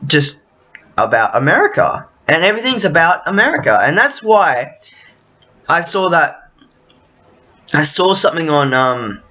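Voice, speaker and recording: Brief: high-pitched Australian man, unhurried and bright-toned, swearing through a rambling rant. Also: very animated, poor audio. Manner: profane, rambling, frequent restarts and fillers. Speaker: vlogger. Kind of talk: casual ranting monologue.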